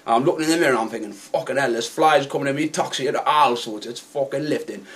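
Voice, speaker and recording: A man's voice: medium pitch, fast, fairly bright tone, close to an everyday voice. An actor playing a brash, boastful young Geordie chav man with a Geordie accent, telling crude rambling stories in a comic vlog. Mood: rambling story. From North East England. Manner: swaggering, crude, rambling storyteller. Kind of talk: comic character monologue.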